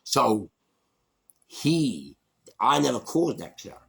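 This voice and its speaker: A man in his sixties with a London accent, telling a street story in a slangy, animated way. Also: medium pitch, slow. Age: 60s. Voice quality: gravelly. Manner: animated, slangy, acts out voices. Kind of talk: storytelling monologue.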